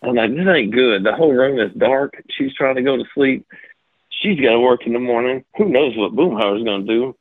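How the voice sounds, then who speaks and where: A man's voice: medium pitch, fairly quick, dry recording, narrow, tinny audio. A man calling in to a show, rambling, swearing and laughing nonstop as he talks. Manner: laughing constantly, profane and rambling. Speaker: caller. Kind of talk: casual phone call-in chat. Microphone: phone.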